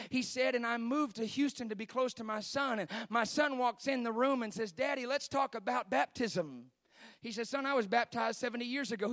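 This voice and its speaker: A high-pitched male preacher telling a story from the pulpit. He is animated, dropping low and quiet for the retelling and then rising to shouted peaks. The sound is close and dry. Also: dry recording. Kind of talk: sermon storytelling.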